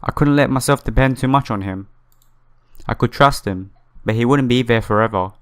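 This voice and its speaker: A man's voice: medium pitch, moderate pace, clean tone, close to an everyday voice. A man reading as an earnest young idol trainee. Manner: plain read-aloud delivery in his own voice.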